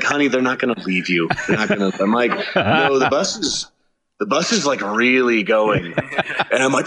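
A man casually telling a road story from a tour, animated and swearing, acting out his own shouts. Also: mid-range voice. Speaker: touring musician.

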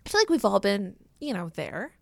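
A woman's voice: mid-range voice, very animated, brisk, creaky, no room sound, clean studio sound. A young woman co-hosting a casual podcast, reading listener letters aloud with chatty asides and frequent laughter.

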